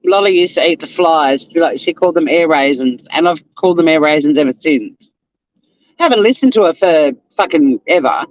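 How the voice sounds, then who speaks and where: High-voiced chatty Australian man. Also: animated, normal speed, dry recording, highs cut off. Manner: chatty, greets viewers by name, swears casually. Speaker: lawyer and live-stream host. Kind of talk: casual live-stream chat. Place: in a car, driving to work.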